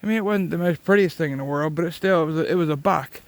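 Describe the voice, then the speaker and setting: Man, fairly high voice, casual rambling storytelling, profane, outdoors in the woods. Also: rapid-fire, dry recording. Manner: profane, rambling, laughs at his own stories. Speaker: vlogger.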